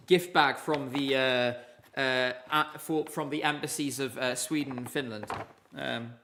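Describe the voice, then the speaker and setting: A man's voice: mid-range voice, noisy background. A man hosting a casual live stream, chatty and rambling, chatting with viewers from his desk. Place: home room at a desk with laptops.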